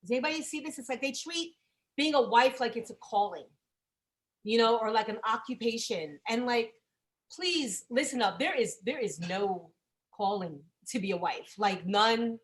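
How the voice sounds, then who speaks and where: A woman in her forties doing a profane, chatty stand-up set that bursts into loud exasperated rants. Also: a little high, expressive, moderate pace. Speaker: stand-up comedian.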